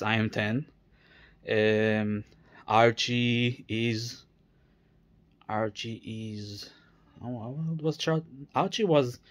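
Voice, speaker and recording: A man in his thirties, tired, talking in a rambling casual vlog, wandering off topic with many fillers and restarts. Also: medium pitch. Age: 30s. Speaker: vlogger.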